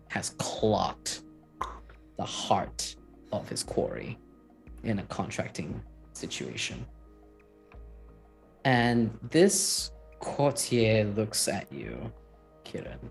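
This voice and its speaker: A man's voice: fairly low pitch, gravelly. A man narrating a tabletop game as game master, thoughtful and full of fillers. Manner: slow, thoughtful, with many fillers.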